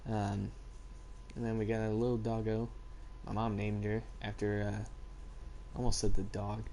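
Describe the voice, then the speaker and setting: A man's voice: lowish voice, monotone, a little slow, mellow, slight background noise. Laid-back teenage guy rambling casually. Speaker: vlogger. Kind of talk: casual chat.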